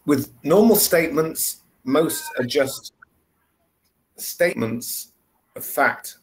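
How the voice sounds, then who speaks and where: Over a video call, a man tutors English one-on-one, explaining patiently and repeating examples. His voice is medium-pitched and slightly bright, and the recording quality is low.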